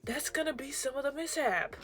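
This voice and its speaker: A young woman crafting and chatting to the camera in her bedroom, expressive, moving between weary grumbling and excited squeals. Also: high-pitched, brisk. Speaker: crochet vlogger. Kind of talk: casual craft vlog, talking to camera.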